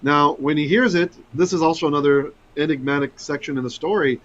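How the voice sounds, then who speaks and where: Animated man teaching scripture. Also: a little high, a little fast, muffled recording, a little hiss or hum. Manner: animated, asks "right?" often, mixes in Hebrew terms. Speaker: Torah teacher. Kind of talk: Bible study teaching.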